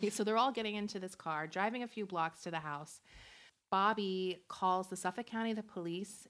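A woman's voice: medium pitch, a bit bright. A woman hosting a podcast, casually telling a true-crime story, chatty and laughing often, acting out quotes. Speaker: podcast host.

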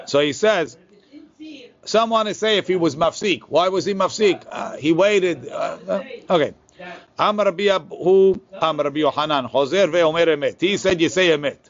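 A man teaching a Talmud class, reading the source text quickly and then explaining it in a casual way. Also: a little high. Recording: lo-fi, muffled recording.

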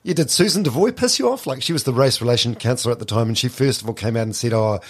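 A man's voice: mid-range voice, very fast, slightly rough. A man hosting a podcast, friendly and casual, often stammering as he starts his points. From New Zealand. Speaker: podcast host. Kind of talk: casual interview chat.

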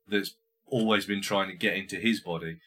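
A man co-hosting a casual film podcast, swearing a lot and acting out scenes in loud put-on voices. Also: low-pitched, steady tone, moderate pace, slightly rough. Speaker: podcast co-host.

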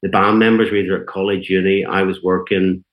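A man's voice: low-pitched, level tone, a little fast, muffled recording. A middle-aged man with a Northern Irish accent, a guest musician telling long, rambling stories full of fillers and quoted voices. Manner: rambling anecdotes, quoting others, many fillers. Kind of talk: casual storytelling interview.

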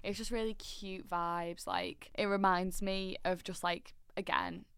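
A woman co-hosting a podcast, talking in a quick, excitable way and sometimes singing little bits of melody. Her voice sits a little low and sounds smooth and clear. The sound is dry and close, with no room echo. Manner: chatty and excitable, bursts into sung snippets. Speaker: podcast co-host. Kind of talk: casual chat.

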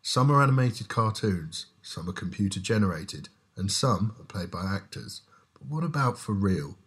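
A man doing dry, measured mock-documentary narration. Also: fairly low pitch, expressive, close to an everyday voice.

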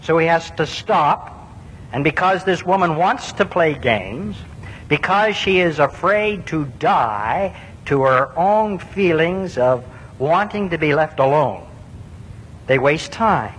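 A man preaching a sermon in an earnest, emphatic way, leaning on rhetorical questions. His voice sits a little high for a man. It carries a long reverb, with a faint low rumble behind it. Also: animated, slow pace, fairly bright tone.

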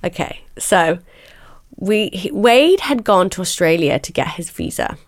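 A woman's voice: on the low side, unhurried, dry recording. Young woman, super chatty storytelling, says like a lot, dry close mic. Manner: chatty, animated, peppers speech with "like", swears casually. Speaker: podcast host, guest being interviewed. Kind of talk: candid storytelling.

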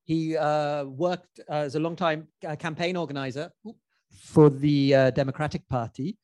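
A man's voice: fairly high pitch, fairly even intonation, moderate pace, mellow, dry recording. Hesitant man introducing a guest. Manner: hesitant, lots of uh fillers. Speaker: podcast co-host. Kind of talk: live event introduction. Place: library event room, live audience.

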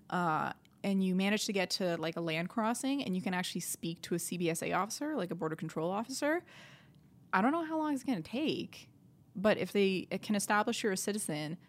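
Chatty blunt woman. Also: lowish voice. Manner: chatty and blunt, explains in long runs. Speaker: comedian guest. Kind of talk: casual chat.

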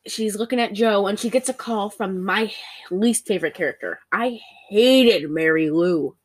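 A woman co-hosting a podcast, chatting casually as she recaps a movie and acts out its lines with big jumps in pitch. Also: normal speed. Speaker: podcast co-host.

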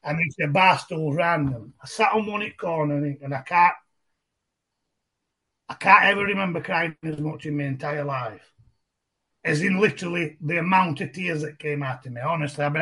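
A man's voice: fairly high pitch, normal speed, fairly bright tone, slightly rough. A middle-aged man with a broad Barnsley Yorkshire accent, telling his story as a podcast guest in a chatty, rambling way. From England. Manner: broad, chatty, repeats and restarts phrases. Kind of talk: casual storytelling conversation.

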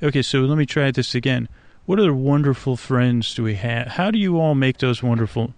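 Sleep-podcast host, man, gravelly and dry close-miked sound, meandering and whimsical, full of fillers. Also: mid-range voice, brisk, a little mellow, no room sound. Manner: meandering, hesitant, many fillers and restarts, whimsical. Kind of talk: rambling, drowsy monologue outdoors at night. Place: outdoors by a swamp at night.

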